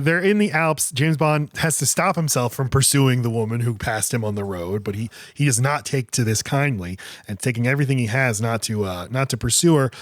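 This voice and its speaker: A man co-hosting a podcast, retelling a film scene by scene in casual, animated chat. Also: mid-range voice, dry recording, clean studio sound. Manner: animated retelling with swearing and voice impressions. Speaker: podcast co-host.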